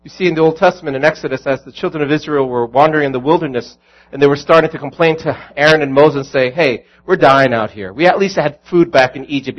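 A man's voice: on the high side, fairly quick, rough recording. A man preaching a sermon as pastor, earnest and building to emphatic peaks.

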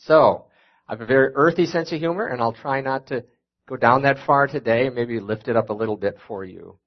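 A man's voice: mid-range voice, a little fast, muffled recording. Folksy Minnesota-accented man preaching. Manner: folksy, self-deprecating humor. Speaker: guest preacher. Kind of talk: sermon with personal stories. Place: church sanctuary.

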